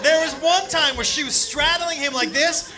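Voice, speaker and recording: A man doing stand-up comedy, telling a story in an excitable, profane, animated way. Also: very high voice, normal speed. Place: comedy club stage. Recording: live club, loud crowd and noise. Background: audience laughter and noise.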